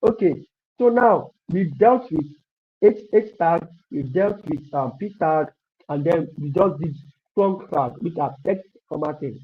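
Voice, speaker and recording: Speaking unhurriedly in an animated, fairly high voice, this coding instructor leads a live online web development class. The stream audio is dull and lo-fi, and he says things repeatedly, cheers students on, and narrates his thoughts while typing.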